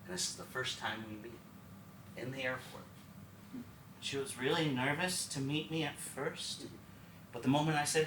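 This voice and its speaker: A young man from Texas tells his life story on stage in a one-man show, his voice high, bright and lively as he confides in the audience. It is caught from a distance in a roomy theatre, with faint noise behind. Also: moderate pace. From Texas, USA. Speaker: solo stage performer.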